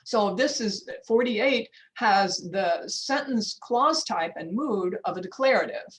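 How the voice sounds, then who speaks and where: Her mid-range voice animated yet unhurried, an older woman professor from the United States lectures on linguistics in a workshop over a video call. She keeps it informal and chatty, with frequent restarts, asides and checks of the time aloud, on a rough recording.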